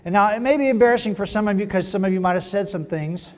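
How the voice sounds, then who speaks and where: A man preaching a sermon in a church, joking and teasing, then dropping to a hushed voice. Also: sits high, fast. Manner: playful, teasing, swings from loud to hushed. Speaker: pastor. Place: church sanctuary.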